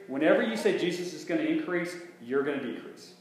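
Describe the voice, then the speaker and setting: A man's voice: fairly high pitch, animated, fairly quick, hardly any pauses. A male minister preaching a conversational sermon, full of restarts and rhetorical questions. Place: church sanctuary. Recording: very echoey church room with faint hum.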